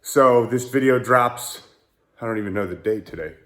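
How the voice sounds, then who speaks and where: In his garage, a young man chats to a phone about the car he's building, his lowish voice fairly bright and his pace normal. It's a loose, jokey vlog where he rambles and teases himself.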